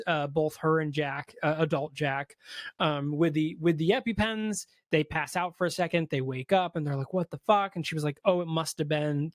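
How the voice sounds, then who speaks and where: A man with a fairly high voice, recorded in studio quality with no room sound, co-hosts a podcast and loosely recaps a film. He acts out the characters' dialogue and fills his speech with fillers.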